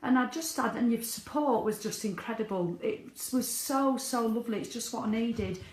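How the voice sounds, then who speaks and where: A woman's voice: a little high, normal speed. Woman, middle-aged, candid diary-style vlogger, roomy echo. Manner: chatty, candid, swears freely. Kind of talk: casual video diary. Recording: echoey room.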